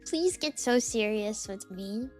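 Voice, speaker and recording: A young woman streaming, chatting casually and excitedly greeting her chat one by one. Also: medium pitch, slow pace, soft background music. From United States.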